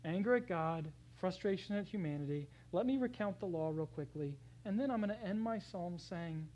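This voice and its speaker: Animated preacher with a mid-range voice. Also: mid-range voice, moderate pace, low-quality recording. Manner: animated, swings between loud emphatic scripture reading and hushed asides; conversational, addresses the congregation directly. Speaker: pastor. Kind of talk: sermon.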